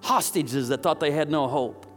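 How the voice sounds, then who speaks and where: A man's voice: fairly high pitch, moderate pace. A man preaching as a pastor, praying fervently in repeated phrases and leading a congregation in recited liturgy. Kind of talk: sermon and congregational prayer. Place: church sanctuary. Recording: long hall reverb, faint music.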